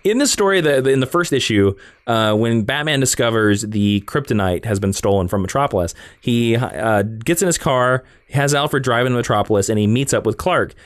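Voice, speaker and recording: A man's voice: medium pitch, moderate pace, hardly any pauses, no room sound. A man hosting a casual comic-book podcast, talking with enthusiasm and acting out character quotes. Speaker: podcast host.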